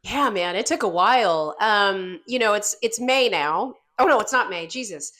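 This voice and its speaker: A woman in her thirties, a guest on a podcast, telling a story in a lively casual way, laughing often and acting out quotes. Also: mid-range voice, normal speed.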